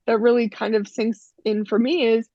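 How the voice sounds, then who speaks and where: Frank, emphatic gravelly woman. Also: fairly high pitch, steady tone, normal speed, no echo, dull audio. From Canada. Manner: frank, emphatic, many restarts and "you know". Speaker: interview guest. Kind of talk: casual interview talk.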